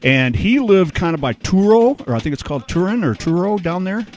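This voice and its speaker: A man's voice: high voice, sing-song, fairly quick, a little mellow. A man telling a travel story in a casual, rambling way, full of "like" and restarts.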